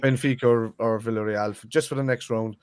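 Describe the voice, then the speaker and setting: A man guesting on a live fan stream, talking casually with quick restarts. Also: mid-range voice, fairly even intonation, a little mellow, clear, resonant tone, no echo, studio quality. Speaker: guest fan channel host. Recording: crowd noise behind the voice.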